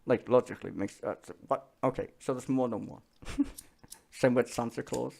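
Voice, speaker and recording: Podcast co-host, lively swearing raconteur. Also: male voice, medium pitch, normal speed, gravelly, a little hiss or hum. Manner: animated, swearing, laughing storyteller. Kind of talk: casual chat.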